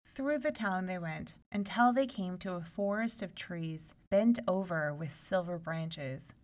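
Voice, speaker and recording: A woman reading a fairy tale aloud in an expressive, animated storytelling style. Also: lowish voice, a little slow.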